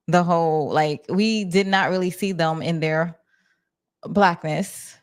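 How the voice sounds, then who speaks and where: A woman's voice: fairly low pitch, steady tone, a little slow. A woman from New York with a New York accent, chatting casually on a livestream to her viewers from her office. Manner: chatty, talks to her chat, restarts and fillers. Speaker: livestream host.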